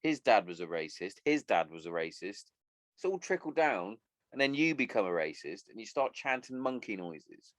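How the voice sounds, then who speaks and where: A man's voice: lowish voice, big pitch swings, moderate pace, a bit bright, dry recording, studio quality. A man hosting a solo podcast, ranting bluntly and swearing a lot. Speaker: podcast host.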